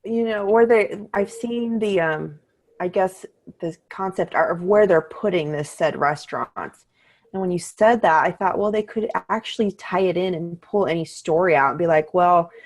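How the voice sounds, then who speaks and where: A middle-aged woman talks in a casual, chatty way as a podcast co-host. She tells stories with animated, upbeat energy, and her voice sits a little low for a woman. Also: normal speed. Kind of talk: casual chat.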